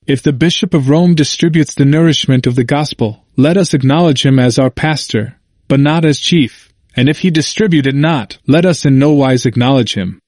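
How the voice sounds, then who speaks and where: A man's voice: mid-range voice, normal speed, darkish tone, no room sound, studio quality, lightly acted. A man reading as a bold, defiant preacher. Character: bold male preacher denouncing the papacy.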